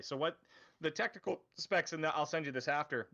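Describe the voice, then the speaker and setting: A man's voice: fairly high pitch, normal speed, bright, forceful tone, lo-fi sound. A man narrating as dungeon master of a tabletop game, rambling and correcting himself as he explains the rules. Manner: rambling, self-correcting, laughs often.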